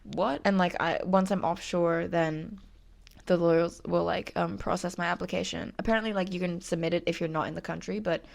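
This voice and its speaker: A woman in her early twenties chats through her story in a casual vlog, peppering it with fillers and wry asides. She talks with a lisp from a missing tooth, in a lowish voice with plenty of vocal fry. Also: steady tone, fairly quick. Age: 20s. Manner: chatty, frequent "like" fillers, self-deprecating. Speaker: vlogger.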